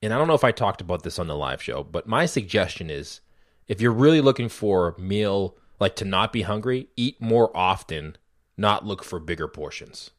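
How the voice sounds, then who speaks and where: A man's voice: fairly low pitch, expressive, normal speed. A man co-hosting a casual podcast, joking and bantering competitively. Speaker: podcast co-host. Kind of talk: casual chat.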